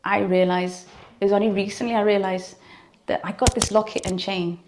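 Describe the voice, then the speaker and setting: A woman's voice: medium pitch, fairly even intonation, brisk, a little mellow. A woman giving an earnest personal devotional testimony, often repeating phrases for emphasis. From United Kingdom.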